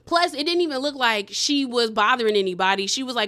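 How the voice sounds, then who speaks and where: Woman doing a reality tv recap, sassy and slangy, kinda high voice, bright and punchy. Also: quick pace. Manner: animated, slangy and opinionated, sassy asides. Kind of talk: casual gossip recap commentary.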